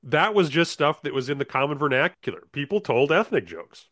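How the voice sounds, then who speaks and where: A man's voice: fairly high pitch, big pitch swings, a little fast, fairly bright tone, no echo, studio quality. A man co-hosting a podcast, talking in a reflective, conversational way. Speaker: podcast co-host. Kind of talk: casual podcast discussion.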